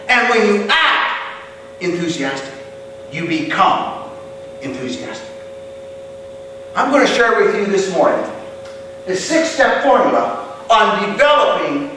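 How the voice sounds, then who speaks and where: A man giving a motivational contest speech to a club, emphatic, with deliberate pauses and punched key words. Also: high-pitched, fairly bright tone. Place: club meeting room. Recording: echoey room from far off, faint hiss.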